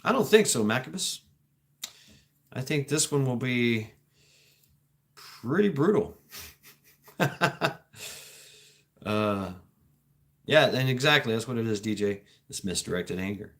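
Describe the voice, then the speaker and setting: A man hosting a livestream, talking casually and reacting to chat in a halting, rambling way, with frequent laughs and swearing. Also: mid-range voice, animated, fairly bright tone. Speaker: livestream host reading chat.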